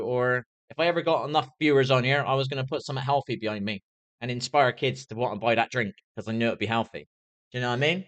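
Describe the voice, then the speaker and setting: A man's voice: mid-range voice, a bit bright. A young man livestreaming an angry, swear-filled rant, often asking "do you know what I mean". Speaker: streamer.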